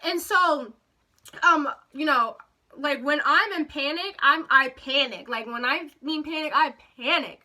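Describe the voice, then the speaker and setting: A young woman tells a storytime to her camera. Her voice sits high and bright. She talks in a chatty, animated way, full of "like" and quoted back-and-forth. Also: a little slow. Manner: chatty, animated retelling with lots of "like" and quoted dialogue. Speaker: vlogger. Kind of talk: casual storytime.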